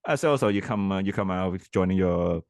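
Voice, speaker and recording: A man talking in a measured way in a casual podcast chat, often pausing on "uh" fillers. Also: low-pitched, no room sound.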